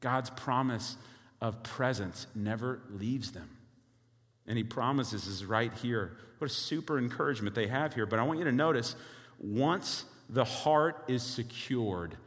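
A man's voice: fairly low pitch, measured pace, a bit bright. A male pastor preaching a sermon emphatically, speaking directly to his congregation. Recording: long hall reverb.

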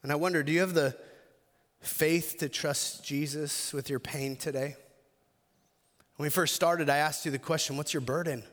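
A male pastor with a high voice delivers an earnest sermon. He often restarts his phrases and slows right down on the words that matter. A long hall reverb trails his voice. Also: fairly even intonation, fairly bright tone. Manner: earnest preaching with frequent restarts, slowing on key phrases.

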